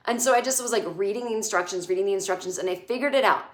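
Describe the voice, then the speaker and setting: A woman comedian in her forties giving a casual, sarcastic TV recap, swearing and acting out quotes in shrill voices. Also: fast. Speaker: comedian podcast host. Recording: echoey room.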